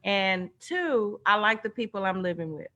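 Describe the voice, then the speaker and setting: A woman's voice: mid-range voice, normal speed. A middle-aged woman telling personal stories in a casual video chat, acting out the voices of the people she quotes. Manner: animated storyteller, acts out quoted voices. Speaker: guest. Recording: dull lo-fi online stream audio.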